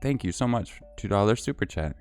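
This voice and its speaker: A man hosting a livestream, chatting casually and reading out viewer comments and thanks in a relaxed, chatty way. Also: lowish voice, a little fast, over music. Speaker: livestream host.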